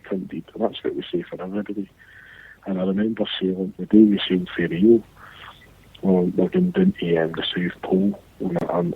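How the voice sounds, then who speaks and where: A man with a Glaswegian Scottish accent telling a crude anecdote in casual podcast banter, his pitch swinging wide. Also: creaky, husky. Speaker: guest storyteller. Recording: tinny phone-line sound.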